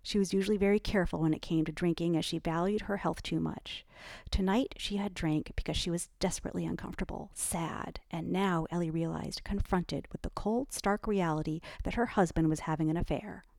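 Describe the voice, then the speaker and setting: A woman narrating a novel in an even, measured storytelling manner. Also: on the low side, creaky, dry recording, studio quality. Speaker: audiobook narrator. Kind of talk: scripted narration.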